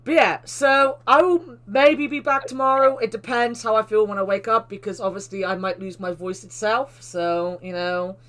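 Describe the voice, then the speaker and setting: A woman's voice: mid-range voice, steady tone, normal speed, few pauses, a bit bright. A woman streamer with a sore throat after a long stream, narrating a dating game and chatting playfully, swearing casually.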